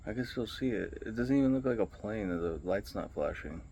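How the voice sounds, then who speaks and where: A man's voice: fairly low pitch, brisk, slightly rough. A young man rambling casually in a late-night vlog, telling stories with lots of fillers. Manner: rambling, relaxed storytelling with many fillers. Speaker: vlogger and streamer.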